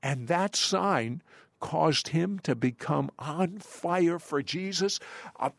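A man with a fairly high voice preaches a sermon, quoting scripture in slow, emphatic phrases and telling stories from his own ministry. The sound is dry and close, with almost no room around it. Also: creaky, no echo. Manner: storytelling, quotes scripture with emphatic pauses.

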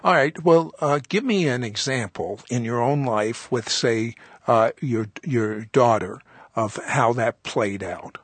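A man's voice: mid-range voice, takes it slowly, husky, no echo. A man hosting a show, interviewing a guest with probing, conversational questions. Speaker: TV show host.

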